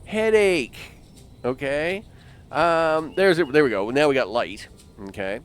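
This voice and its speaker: Lively, playful male gamer. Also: mid-range voice, moderate pace. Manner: playful, chatty, laughs often. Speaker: gaming video creator. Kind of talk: let's play commentary.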